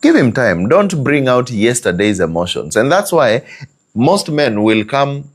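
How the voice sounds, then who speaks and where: A man's voice: medium pitch, very animated, a little slow. A man giving a conversational relationship teaching, prodding listeners with asides. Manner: conversational, repeats and prods with hmm and eh.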